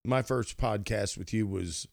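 A man's voice: on the low side, unhurried, vocal fry, dry recording, clean studio sound. A young man talking as a podcast guest who rambles and goes off on rants. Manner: rambling, ranty. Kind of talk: casual chat.

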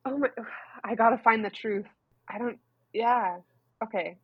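A young woman co-hosting a podcast, chatting in a playful, lively way. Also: on the high side, a little slow, husky, dry recording. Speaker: podcast co-host. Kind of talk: casual chat. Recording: dull, dry podcast mic.

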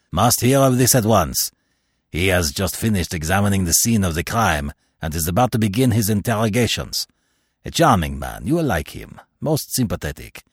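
Man playing an effusive stout police commissary, lively low voice, audiobook story. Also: slightly rough, no echo, studio quality, full character voice. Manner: effusive and talkative. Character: bustling stout middle-aged French police commissary.

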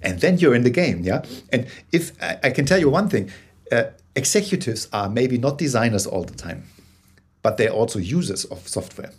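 A man appears as a guest storyteller in an interview, laying out his ideas while often restarting and tossing in tag questions like "yeah?". His medium-pitched voice is expressive and slightly rough, at an ordinary pace.

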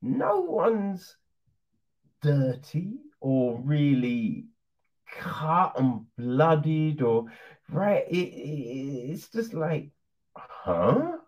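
A man's voice: a little high, sing-song, very slow. A man casually reviewing a film on his channel, laughing, swearing and throwing in lots of rhetorical asides. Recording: dull lo-fi recording.

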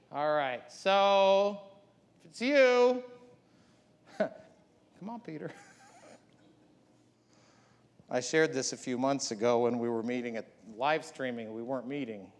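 A man preaching a sermon as pastor, building up with emphatic repeated lines. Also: fairly high pitch. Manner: preaching with rising, emphatic repetition. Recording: long hall reverb.

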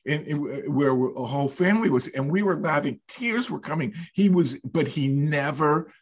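A man hosting a podcast, telling a lively anecdote in casual conversation and acting out quoted voices. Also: on the high side, moderate pace. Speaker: podcast host.

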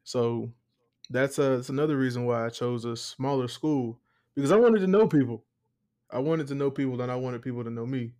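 A young man, telling jokey stories in a relaxed casual chat. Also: medium pitch, brisk. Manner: relaxed, joking storyteller.

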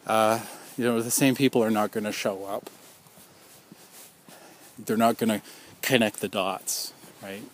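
A man's voice: fairly low pitch, fairly even intonation, a little slow, pauses often, a little hiss or hum. A man speaking out as a survivor in an impassioned personal monologue, earnest and accusing, piling up repeated rhetorical questions.

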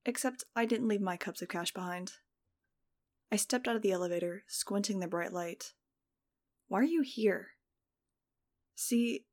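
A woman narrating an audiobook in the first person, in a wry, sardonic tone. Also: medium pitch.

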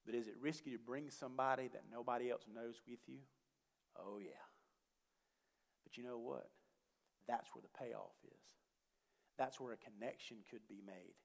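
A male pastor preaching a sermon, swinging between loud emphasis and quiet asides. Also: mid-range voice, moderate pace, creaky, long pauses. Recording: long hall reverb.

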